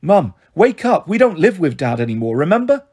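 A man's voice: on the high side, sing-song, a little fast, dark tone, breathy edge. A man voicing a brave, anxious young girl who pleads and reassures her family.

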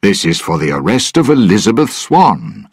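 A man's voice: on the low side, sing-song, normal speed, husky, no room sound, clean studio sound, voice pushed up, heavily acted. A man voicing an indignant older governor and father in a storybook reading, speaking firmly and commandingly.

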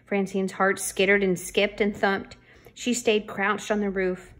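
A woman reading a children's chapter book aloud, chatty asides and lively, playful changes of voice for the characters. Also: medium pitch, measured pace. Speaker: storybook reader.

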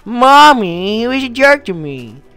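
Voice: medium pitch, sing-song, unhurried, bright, forceful tone, clean tone, no room sound, faint music behind, pitched above the performer's own voice. A gamer voicing a whiny, sulky child monster in a raised, pouting voice. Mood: whining.

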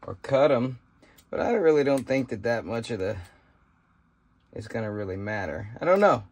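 Medium-pitched and recorded with no room sound, a folksy man rambles through a casual outdoor how-to vlog. The homesteader thinks out loud with many fillers, first among trees and later in a kitchen.

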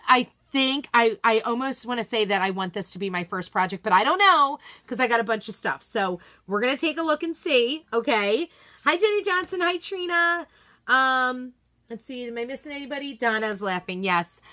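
A woman's voice: a little high, sharp tone. A woman hosting a live craft unboxing stream, bubbly and gushing, greeting viewers by name in casual chat from her desk at home.

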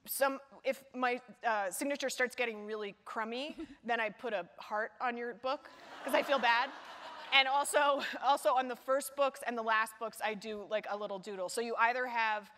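A woman, the guest author, telling lively anecdotes in a live onstage conversation and acting out the people in them. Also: fairly high pitch, normal speed. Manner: animated storyteller who acts out other people's voices. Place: large hall before a live audience. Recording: hall reverb.

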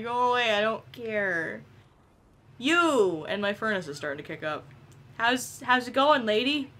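A young woman giving casual, excitable gameplay commentary, swearing and laughing often. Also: mid-range voice, a little slow. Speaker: gameplay video creator.

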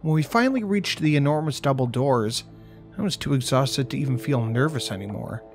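A man narrates a first-person horror tale in a wry, measured way. His voice sits in an ordinary middle range. Faint background music runs under him. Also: medium pitch, animated.

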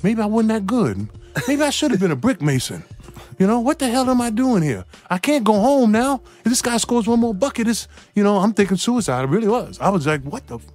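A man with a fairly high voice tells an old game story in an interview. His pitch leaps around as he acts out what was said and breaks into laughter. Soft music plays underneath. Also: a little fast. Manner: lively storyteller who acts out quotes and laughs often. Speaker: former basketball player telling a story. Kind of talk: animated anecdote in an interview.

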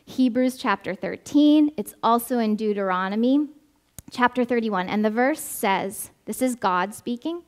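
A woman's voice: a little high, animated, a little slow. A woman giving a conversational sermon, stressing points through repetition and often checking in with "right?", then leading a prayer. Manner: emphatic repetition; leads a closing prayer. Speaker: preacher. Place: church service.

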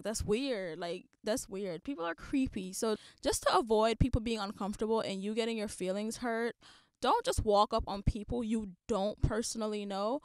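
A woman's voice: mid-range voice, clear, resonant tone, no room sound, studio quality. A young woman hosting a podcast, talking casually in a blunt, profane rant with frequent laughs. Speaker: podcast host. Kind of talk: casual monologue.

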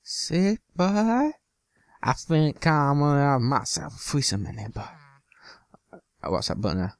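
A man's voice: a little high, lively intonation, unhurried, creaky, dry recording. A man giving loose, joking commentary over his own gameplay, swearing now and then and slipping into silly bits. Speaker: gaming channel host.

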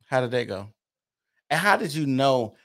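A man hosting a casual podcast chat, asking probing questions in a low-key manner. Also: big pitch swings, moderate pace, vocal fry, a bit bright. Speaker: podcast host.

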